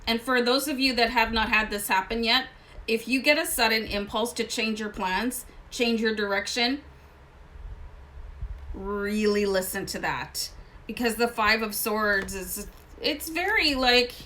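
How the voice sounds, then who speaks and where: A woman's voice: a little high, measured pace, bright, forceful tone. A woman living in Canada hosting a casual tarot card reading, talking in a chatty, rambling way with many asides. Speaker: tarot reader.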